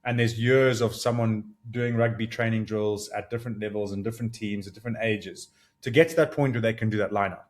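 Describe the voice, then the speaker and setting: Man, thirties, solo podcast host, earnest, thinking aloud, restarts, bursts of excitement. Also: fairly low pitch, brisk. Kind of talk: solo reflective podcast monologue.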